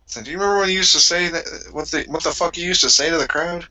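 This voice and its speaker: A man's voice: a little high, very fast, sharp tone, poor audio. A man co-hosting a wrestling podcast, ranting and joking with lots of swearing. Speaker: podcast co-host. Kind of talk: casual wrestling podcast chat.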